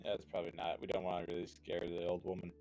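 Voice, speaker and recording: A man's voice: sits low, monotone, racing, a little mellow, faint music behind, poor audio. A man playing his character in a tabletop game, talking earnestly and steadily with many restarts. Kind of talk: in-character role-play.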